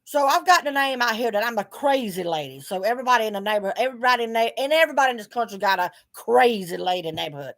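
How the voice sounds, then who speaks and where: A woman's voice: fairly high pitch, lively intonation, fast, hardly any pauses, a bit bright. A middle-aged woman speaking bluntly in a video journal, swearing often as she vents her frustration. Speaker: vlogger.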